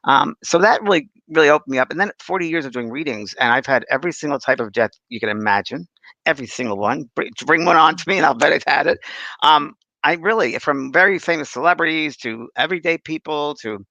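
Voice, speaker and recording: A man's voice: on the high side, fast talker, creaky, no room sound, dull audio. A middle-aged man who is a spiritual medium chats and tells stories animatedly, acting out voices along the way. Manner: animated storyteller, acts out voices. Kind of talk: casual chat.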